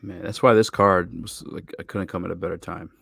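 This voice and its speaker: A man's voice: deep voice, fairly even intonation, a little fast, vocal fry, a bit bright, husky, dry recording, clean studio sound. A man hosting a casual sports podcast, chatting loosely and swearing freely with his guest. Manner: loose, profane, laid-back banter. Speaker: podcast host.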